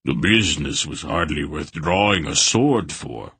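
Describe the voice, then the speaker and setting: A man voicing a big, hearty male warrior who rumbles out his boasts about a street fight. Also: lively intonation, unhurried, bright, forceful tone, slightly rough, no echo, exaggerated voice. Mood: dismissive.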